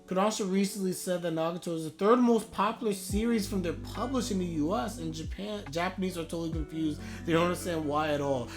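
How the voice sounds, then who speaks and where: Excitable man gushing in a live reaction. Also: high voice, a little fast, few pauses, faint music behind. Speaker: streamer reacting to a manga.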